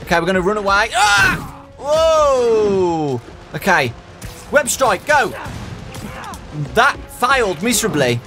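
A young man with a very high, lively voice calls out his moves in a breathless stream of excitement, with shouts and giggles. He speaks in unhurried bursts, and game music plays underneath. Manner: excitable, loud exclamations, giggly, talks to viewers as "boys". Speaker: gaming YouTuber. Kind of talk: excitable let's-play commentary.

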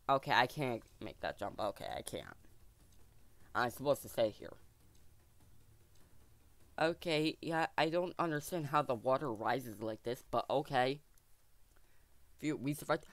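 Male gaming host, mid-pitched, jokey play-by-play, dry close mic. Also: no room sound. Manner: jokey, excitable, thinking aloud to viewers. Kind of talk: let's play commentary.

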